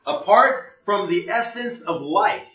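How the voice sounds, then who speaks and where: Male Bible teacher, high, bright, plain-spoken; roomy, distant, lo-fi sound. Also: expressive, slow. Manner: plain-spoken, asks rhetorical questions. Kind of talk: conversational sermon. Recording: echoey room, distant mic, dull lo-fi.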